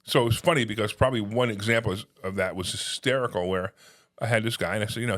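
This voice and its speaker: Man, fast pace, casual conversational storytelling, animated, acts out quotes. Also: on the low side. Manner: animated, acts out phone calls in quoted voices. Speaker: podcast guest, real estate investor.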